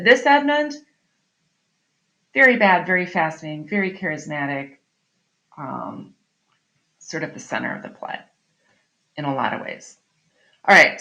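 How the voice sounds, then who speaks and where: Low, gravelly-voiced woman teaching a lesson. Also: fairly bright tone. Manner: chatty, explaining with frequent "right?" and "um". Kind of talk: recorded online literature lesson. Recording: slightly dull lo-fi audio.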